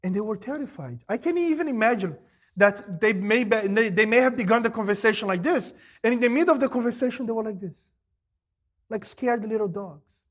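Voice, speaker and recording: A male pastor preaches a sermon in a high, expressive voice at a fairly quick pace. He fires off rhetorical questions and answers them himself, shifting between loud emphasis and quiet asides.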